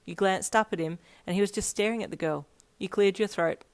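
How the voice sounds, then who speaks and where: A woman narrating a fanfiction story aloud in a steady storytelling read. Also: mid-range voice, a little fast, clear, resonant tone. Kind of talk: scripted narration.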